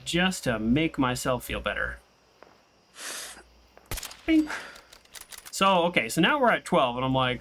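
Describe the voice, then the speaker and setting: A man's voice: medium pitch, very animated, a little slow, long pauses, a bit bright, slight background noise. A young man hosting casual gameplay commentary. He chats and tells long side stories while he plays. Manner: rambling and chatty, tells stories while playing. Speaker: gaming channel host. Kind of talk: casual let's-play commentary.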